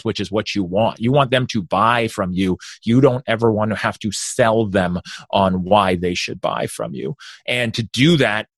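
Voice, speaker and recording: Guy on a sales podcast, lively, explains stuff fast w/ little acted quotes, dry close mic. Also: lowish voice, dry recording. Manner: energetic, explains with quick asides and acted-out quotes. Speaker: sales consultant guest. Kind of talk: podcast interview.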